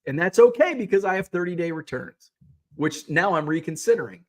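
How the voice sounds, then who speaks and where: A man's voice: high-pitched, animated, brisk. A middle-aged man hosting a casual livestream, reading viewer comments and ranting in a sarcastic, profane way. He rambles, restarting his sentences often. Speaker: host of a sports card selling livestream.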